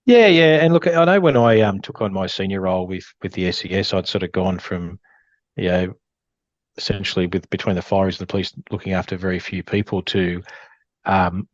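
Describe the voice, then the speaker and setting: A man's voice: low voice, normal speed, no room sound, highs cut off. A middle-aged Australian man, a former police officer and firefighter, chatting casually as a guest in an interview and saying "mate" a lot. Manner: rambling, says "mate" often.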